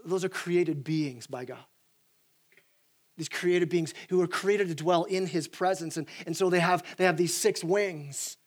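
A man preaching a sermon as the church pastor, animated and stumbling over repeated words as he starts his sentences. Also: high voice, a little slow. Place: church sanctuary.

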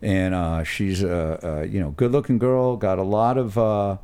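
A man's voice: lowish voice, fairly even intonation, unhurried, dark tone, clear, resonant tone. A man telling a story animatedly while chatting as a guest on a podcast recorded at home. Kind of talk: casual chat.

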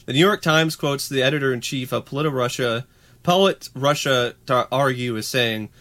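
A man's voice: medium pitch, moderate pace, fairly bright tone. A young man co-hosting a podcast, reading news stories aloud and joking sarcastically between them. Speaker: podcast co-host.

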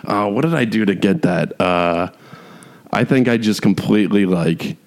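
A man's voice: on the low side, moderate pace. A man in casual, profane banter who rambles and laughs often.

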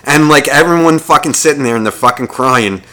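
Guy on a podcast, bright edgy voice, swears constantly, rambles through stories. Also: brisk. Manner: profane, mimics others in high voices. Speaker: podcast co-host. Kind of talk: crude casual storytelling.

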